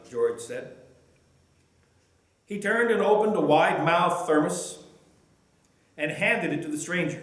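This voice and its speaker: A male pastor gently and steadily telling a story as part of a sermon message. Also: on the high side, measured pace, long pauses. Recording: echoey room.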